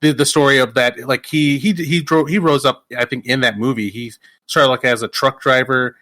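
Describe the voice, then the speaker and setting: A man chats on a podcast in a loose, rambling way, with swearing, fillers and bursts of excitement. His voice sits in a middle range and is recorded close and dry. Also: medium pitch, normal speed, no room sound. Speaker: podcast co-host. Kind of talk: casual chat about a film.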